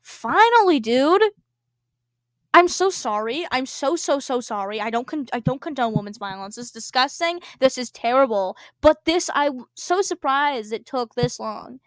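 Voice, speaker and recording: Young gamer girl rambling thru a story game, fairly high voice, dry close sound. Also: animated, moderate pace, dry recording. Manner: giggly, rambling, trails off mid-word. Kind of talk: casual gameplay commentary, reading the game text aloud.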